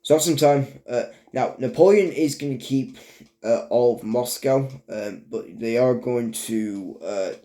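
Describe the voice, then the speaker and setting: Male narrator, mid pitch, halting delivery full of fillers and restarts. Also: dark tone. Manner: stumbles over words. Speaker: video narrator. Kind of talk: casual game commentary.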